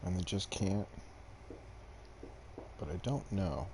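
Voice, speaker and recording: Speaking slowly into a desk microphone with a low, mellow voice and frequent pauses, a young game streamer chats casually with viewers while playing. He rambles and pokes fun at himself, with slight background noise behind him.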